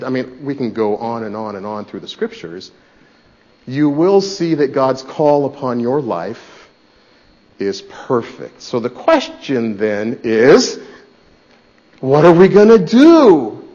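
A man preaching a sermon as pastor, swinging between loud, urgent lines and hushed ones. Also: medium pitch, muffled recording.

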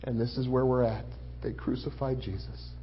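A man playing a grieving male disciple in a dramatic first-person sermon, swelling loud for the crowd and sinking hushed and low. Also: little pitch movement, normal speed, slight background noise, natural voice. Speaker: preacher in first-person monologue. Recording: muffled lo-fi recording.

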